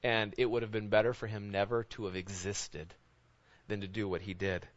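A man preaching a sermon as a pastor. He keeps asking rhetorical questions with a repeated "right?" and swings between loud emphasis and quiet, low intensity. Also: little pitch movement, moderate pace. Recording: dull lo-fi sound.

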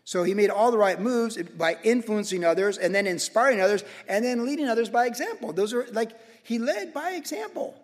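A man with a high-pitched voice delivers an energetic, casual sermon, peppered with slang. His voice rings out with a long reverb in a church sanctuary. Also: fairly quick, few pauses. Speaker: pastor.

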